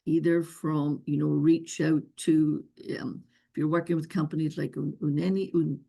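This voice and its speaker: A woman's voice: low-pitched, fairly even intonation, moderate pace, vocal fry, mellow, slightly rough. A woman with a noticeable accent, giving earnest, emphatic visa advice in a webinar Q&A over a video call. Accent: non-local accent. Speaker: visa expert answering questions.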